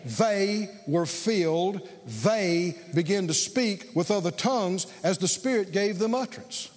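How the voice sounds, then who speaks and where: A man's voice: sits high, normal speed, long reverb tail, soft background music. A man preaching a sermon, telling stories and leading call-and-response with his congregation.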